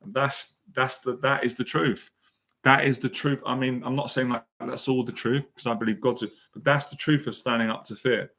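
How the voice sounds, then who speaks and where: Delivering a motivational talk at a moderate pace, this anxiety and confidence mentor has a medium, somewhat bright voice with flat delivery. His words are earnest and emotional, with phrases said again to drive them home.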